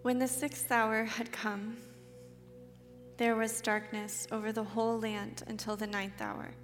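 A woman giving a slow, measured and reverent Bible reading. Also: on the high side, flat delivery. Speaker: scripture reader. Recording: reverberant hall with soft music.

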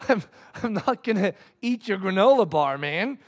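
A man voicing God in a sermon story, speaking softly, low and unhurried. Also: lively intonation, slightly rough. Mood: gentle. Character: calm patient male God, speaking gently.

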